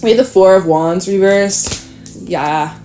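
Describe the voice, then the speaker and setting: A woman giving a casual tarot reading, talking straight to the listener, chatty and swearing freely, animated at times. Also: mid-range voice, slow, faint music behind. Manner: animated, with sudden laughs and exclamations. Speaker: tarot reader.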